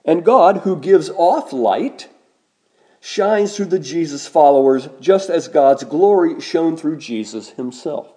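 A man preaching a sermon in a slow, emphatic way, with dramatic pauses on key words. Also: a little high, animated, warm tone. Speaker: pastor.

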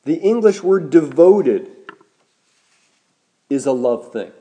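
A male pastor delivering a sermon with a mellow, warm tone. His pitch sits a little high and moves a lot, rising and falling as he makes his points. He preaches in a measured way and slows right down on the words he wants to land. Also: animated.

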